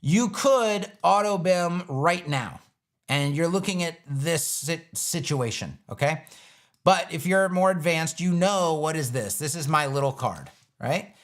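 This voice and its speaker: A man's voice: a little high, lively intonation, a little slow. A man teaching web design on a live stream, talking casually through each step as he builds a page on screen.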